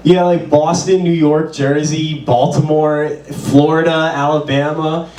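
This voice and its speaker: A man's voice: on the high side, flat delivery, unhurried, dark tone. A man doing a stand-up comedy set, with a loose, rambling delivery full of "like". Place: small bar performance room. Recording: roomy, distant, with audience.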